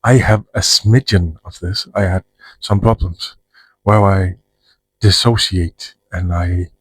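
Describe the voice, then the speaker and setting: Husky man, frank and rambling. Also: sits low, fairly even intonation, slow, dry recording, poor audio. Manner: frank, profane, rambling with restarts. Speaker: vlogger. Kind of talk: personal monologue to camera.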